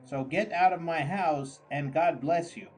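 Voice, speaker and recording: A man doing an effusive old gentleman. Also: fairly high pitch, measured pace, slight background noise, lightly acted, low-quality recording. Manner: effusive and theatrical. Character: fussy kindly old gentleman, a father.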